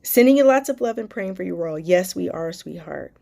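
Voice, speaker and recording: A woman's voice: on the low side, expressive, brisk, creaky, warm tone. Affectionate woman hosting a live Q&A. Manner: affectionate, calls viewers darling, baby, sweetheart; emotional, close to tears, spiritual encouragement. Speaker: host and life coach. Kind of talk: live stream Q&A, reading viewer comments.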